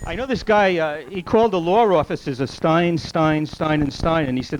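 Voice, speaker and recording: A man doing a stand-up comedy set on a club stage, firing off one-liners and briefly putting on voices for the people in his jokes. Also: on the high side. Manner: rapid one-liner delivery, quick voices for characters in the jokes. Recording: noisy old club video recording.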